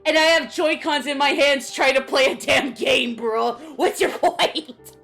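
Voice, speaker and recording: A woman's voice: high voice, unhurried, gravelly, a bit bright, faint music behind. A young woman streaming a video game, chatting playfully with her viewers and laughing often. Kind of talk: casual gameplay commentary.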